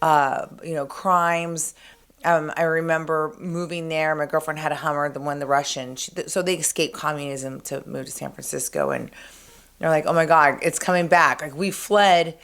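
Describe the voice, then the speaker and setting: A woman with a fairly low voice co-hosts a casual talk show. She is losing her voice and tells rambling, chatty stories, often restarting her sentences. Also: normal speed. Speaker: show co-host. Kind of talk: casual chat.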